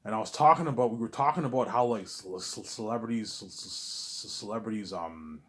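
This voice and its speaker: A man's voice: lowish voice, a little fast. A young man rambling to camera in a monologue, stammering and repeating himself, trailing off on a mumbled "obviously.". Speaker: vlogger.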